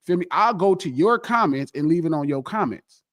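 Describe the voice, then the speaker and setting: A man's voice: a little high, expressive, moderate pace, a bit bright, no echo, clean studio sound. Boastful man on a podcast. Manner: boastful, emphatic repetition. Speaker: podcast guest. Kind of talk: casual chat.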